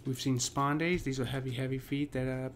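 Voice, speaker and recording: A man giving a casual spoken lesson on poetic meter, halting often with ums and restarts. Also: mid-range voice, fairly even intonation, a little hiss or hum. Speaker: poetry teacher.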